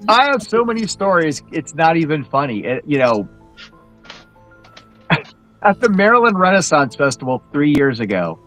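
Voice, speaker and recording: A man chatting casually on a live show as a guest in Krampus costume, telling animated stories with many restarts. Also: fairly high pitch, normal speed, pauses often, faint music behind, poor audio. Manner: animated, acts out quoted voices, many restarts.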